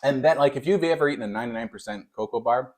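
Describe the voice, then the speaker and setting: A young man gives a casual on-camera taste test. He delivers mock-serious verdicts, hesitating with fillers while his pitch jumps up and down. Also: very fast. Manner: playful mock-serious judging, with frequent fillers and lively pitch swings. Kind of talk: casual on-camera food review.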